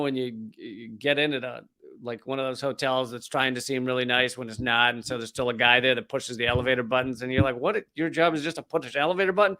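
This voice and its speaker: A man's voice: medium pitch, a bit bright, smooth. A man hosting a comedic political commentary show, sarcastic and profane, acting out silly voices as he rants. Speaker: host.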